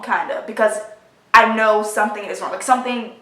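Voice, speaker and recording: A woman of about twenty, telling a personal story in a halting, emotional way full of fillers, recorded in her apartment. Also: on the high side, steady tone, a bit bright, recorded from a distance. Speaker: vlogger. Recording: roomy sound, voice from off the mic.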